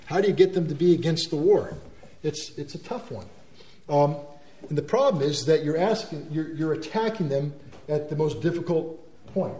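A man giving an animated talk to an audience, emphatic and quick to mimic the people he describes. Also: on the high side. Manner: animated, emphatic, repeats words, mimics others' voices. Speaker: speaker. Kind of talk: speech to an audience. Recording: roomy echo.

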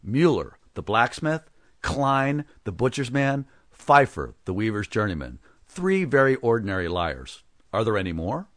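A man's voice: fairly low pitch, big pitch swings, dry recording, clean studio sound. A man reading the part of a supernatural young stranger who speaks pleasantly and mockingly in a storybook reading. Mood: scornful. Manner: pleasant, scoffing, unhurried.

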